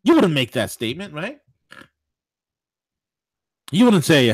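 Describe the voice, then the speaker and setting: A man hosting a political talk show, speaking in an animated, digressive way with laughing asides. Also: on the high side, measured pace, long pauses, dry recording. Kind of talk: political talk radio commentary.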